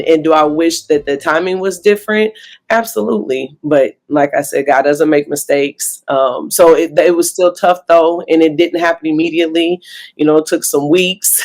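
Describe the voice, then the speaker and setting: A woman's voice: low voice, darkish tone. A woman in her forties, a basketball coach, giving earnest, reflective interview answers with easy laughs.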